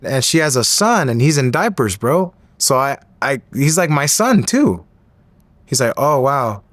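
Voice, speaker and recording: As an interview guest, a man in his thirties tells an animated story, acting out other people's voices with rising pitch. He sounds very animated and a bit bright, speaking unhurriedly, with no echo.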